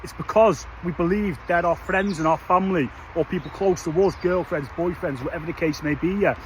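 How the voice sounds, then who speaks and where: A man's voice: high voice, fairly quick, slight background noise, low-quality recording. Passionate man ranting outdoors. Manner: passionate, blunt, slangy, peppers every line with "lad" and "mate". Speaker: vlogger. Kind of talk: motivational rant to camera.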